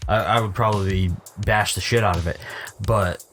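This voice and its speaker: Casting note: deep-voiced easygoing man in his thirties, podcast co-host, faint music underneath. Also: fairly even intonation, moderate pace, a bit bright. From Rhode Island. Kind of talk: casual chat.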